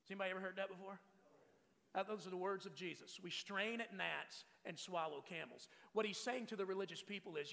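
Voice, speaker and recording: A man's voice: high voice, a little fast, creaky, sharp tone. A man in his forties preaching a sermon as pastor, emphatic and full of rhetorical questions to the congregation. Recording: long reverb of a large hall.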